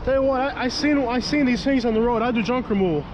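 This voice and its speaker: High-voiced Southern US vlogger man. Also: quick pace, lo-fi sound, noisy background. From Florida. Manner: chatty, folksy and talkative. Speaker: travel vlogger. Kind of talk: casual travel vlog narration.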